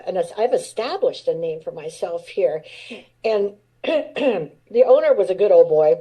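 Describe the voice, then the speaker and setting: An American woman in her sixties, a veteran radio personality, tells candid career stories in an interview, laughing now and then. Her medium-pitched voice is animated and warm, at a moderate pace, though the audio is poor. She acts out the voices of people she quotes.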